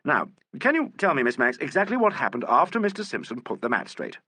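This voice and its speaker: A man reading as a suave, courteous inspector, gently ironic and very composed. His lively voice rises and falls a lot and sounds bright and a little breathy, recorded dry and close. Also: mid-range voice, fast, no echo, pitched above the performer's own voice, full character voice. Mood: charming. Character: suave, polite male police inspector. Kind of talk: audiobook character voice.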